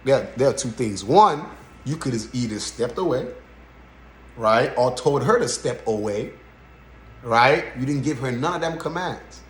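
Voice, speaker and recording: A man hosting a podcast, giving casual reaction commentary in an animated way and often checking in with "right?". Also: mid-range voice, unhurried, a little hiss or hum. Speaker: podcast host. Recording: roomy echo.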